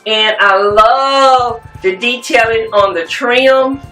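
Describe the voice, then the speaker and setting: A woman's voice: fairly high pitch, slow pace. A woman, chatting casually and rambling a little as she shows home decor finds to her viewers. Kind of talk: casual show-and-tell chat. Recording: echoey room, mic at a distance, soft music.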